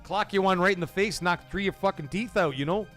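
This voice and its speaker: A man's voice: sits high, fast talker, a bit bright, faint music behind, pitched above the performer's own voice. A man putting on an exaggerated Canadian accent as a folksy tough guy who threatens people and keeps calling them "bud.". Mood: mock threatening.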